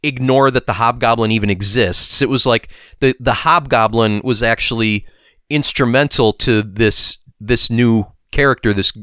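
A man's voice: mid-range voice, normal speed, fairly bright tone, smooth, no echo, clean studio sound. A man co-hosting a podcast, chatting casually about a cartoon episode with frequent restarts and affirming noises. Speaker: podcast co-host. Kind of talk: casual chat.

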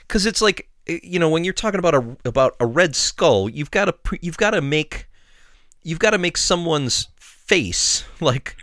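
Guy cohosting a podcast, bright voice, lots of uh and restarts, dry sound. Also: fairly high pitch, lively intonation, dry recording. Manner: halting, many fillers and restarts. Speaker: podcast co-host. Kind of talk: casual chat.

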